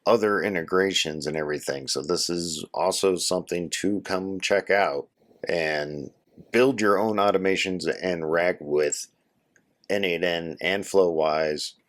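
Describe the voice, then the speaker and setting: A man with a hoarse voice from a cold, casually walking viewers through a software setup as a tutorial host. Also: low-pitched. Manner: casual, instructive, addresses viewers as guys. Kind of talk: screen-share tutorial walkthrough.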